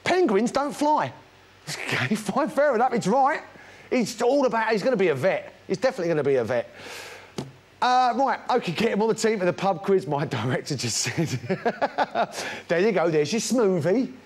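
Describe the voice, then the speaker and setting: A man's voice: high voice, big pitch swings, normal speed. A British man presenting a shopping channel demonstration, chatty and enthusiastic, full of anecdotes. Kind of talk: live product demonstration sales pitch.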